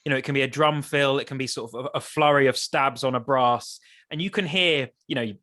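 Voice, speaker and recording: A man's voice: medium pitch, brisk, bright, forceful tone. Hesitant man musing in an interview. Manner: thoughtful, hesitant with many restarts and fillers. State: early morning voice. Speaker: musician guest. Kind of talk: casual interview chat.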